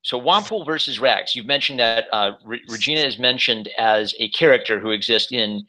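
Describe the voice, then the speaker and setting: A man's voice: mid-range voice, expressive, moderate pace, pushed and bright, poor audio. A male host interviewing a guest over a video call, thoughtful and rambling as he works through his ideas. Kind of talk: casual interview chat.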